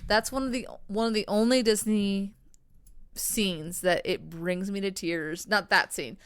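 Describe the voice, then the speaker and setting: A young woman co-hosting a podcast in casual chat, chatty with quick replies and some swearing. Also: medium pitch, steady tone, a bit bright, clean tone. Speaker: podcast co-host.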